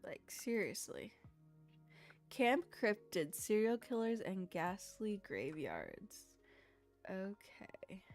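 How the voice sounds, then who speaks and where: A woman's voice: mid-range voice, wildly swooping pitch, takes it slowly, faint music behind. A woman chatting casually with her viewers on a live stream, rambling from one thing to the next.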